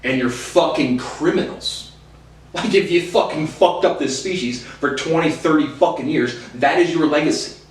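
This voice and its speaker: A man's voice: a little high, moderate pace. A man delivering an angry, profanity-filled rant to his viewers, hurling insults and repeating himself as he restarts phrases. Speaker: video host. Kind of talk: ranting monologue to camera. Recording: roomy sound from a distant mic.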